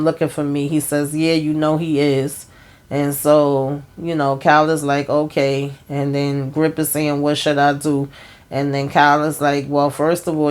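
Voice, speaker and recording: A woman giving a casual, colloquial recap of a TV episode, retelling scenes through quoted dialogue and breaking in with her own exclamations. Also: low-pitched. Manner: colloquial, frequent fillers. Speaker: TV recap host.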